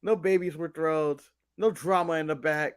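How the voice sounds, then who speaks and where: An American man co-hosting a casual wrestling podcast, joking and rambling with quick apologetic asides. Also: on the high side, steady tone, clear, resonant tone. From United States. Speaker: co-host.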